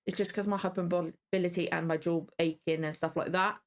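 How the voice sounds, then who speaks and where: A woman's voice: on the low side, steady tone, a little fast. A tired woman hosting a reaction video, rambling casually and apologizing often. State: tired and yawning.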